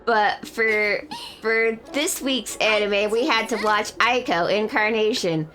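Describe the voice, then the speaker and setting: A woman's voice: medium pitch, takes it slowly, fairly bright tone. A woman streamer in casual chat, feeling a bit unwell, rambling and correcting herself with frequent laughs.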